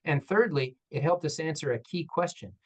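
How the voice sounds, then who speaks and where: Speaking a little fast in a slightly high voice, a male orthopedic surgeon shares stories during a panel discussion. He is candid and self-deprecating, animatedly performing the quoted dialogue, and the sound is lo-fi.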